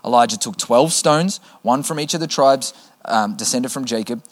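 Male preacher, mid pitch, reads scripture casually and jokes with the congregation. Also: moderate pace. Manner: casual, joking asides to the congregation. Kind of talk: sermon, reading scripture aloud.

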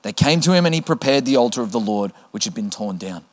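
A man's voice: medium pitch, expressive, quick pace. A male preacher reading scripture aloud in a sermon, with casual joking asides to the congregation.

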